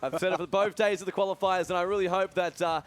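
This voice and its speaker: Fast-talking esports caster. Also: male voice, high-pitched. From Australia. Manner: fast, energetic, many fillers. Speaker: esports commentator and event organizer. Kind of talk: live esports commentary.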